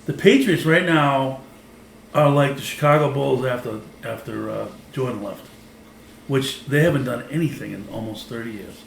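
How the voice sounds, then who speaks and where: A man's voice: mid-range voice, normal speed, gravelly. Easygoing man as podcast co-host, with roomy echo and faint background noise. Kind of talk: casual sports chat. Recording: echoey room with faint ambient noise.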